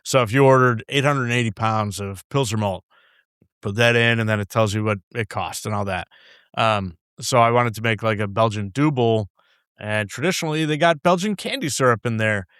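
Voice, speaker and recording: A man at a normal pace, lowish in pitch with a clean, slightly bright tone, spins rambling anecdotes as a guest brewer on a studio podcast. He swears freely, laughs often, and acts out what his boss said, in a dry studio-mic recording.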